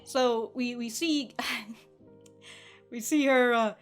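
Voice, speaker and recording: A woman's voice: on the high side, drawn-out words, smooth, soft background music. A young woman hosting an anime reaction, chatting casually, laughing often, swearing freely and restarting her sentences.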